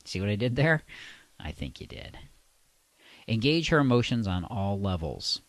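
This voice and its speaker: A man coaching, speaking slowly and deliberately in a deep, resonant voice with long pauses. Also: sing-song, no room sound. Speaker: dating coach. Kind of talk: instructional monologue.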